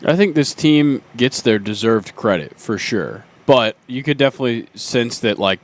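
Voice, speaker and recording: A man giving relaxed, chatty color commentary on a baseball broadcast. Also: mid-range voice, normal speed. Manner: relaxed, easygoing, chuckles often. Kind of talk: casual sports commentary.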